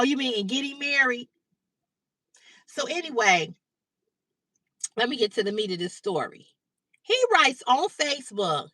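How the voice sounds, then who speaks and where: A woman hosting a livestream, telling a story to her chat in a blunt, animated way, swearing freely and greeting viewers by name. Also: a little high, no room sound. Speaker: livestream host. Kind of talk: casual storytelling to live chat. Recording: dry, slightly distant mic.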